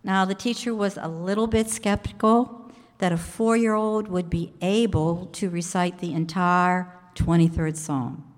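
Woman pastor, low-pitched, unhurried sermon storytelling; long church reverb. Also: fairly even intonation. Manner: measured storytelling with pauses. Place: church sanctuary. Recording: echoey hall reverb.

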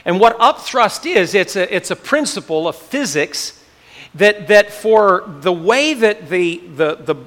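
A man's voice: high-pitched, lively intonation, measured pace, a bit bright, in a large hall. An older man preaching a sermon as pastor, earnest and building to fervent emphasis. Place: church sanctuary.

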